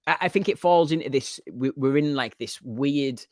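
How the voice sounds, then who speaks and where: A man from Newcastle with a Geordie accent hosts a relaxed chat about films. He talks animatedly, swears freely and breaks into loud laughs. The sound is dry and close. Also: medium pitch, normal speed, no room sound. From Newcastle, England. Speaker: podcast host.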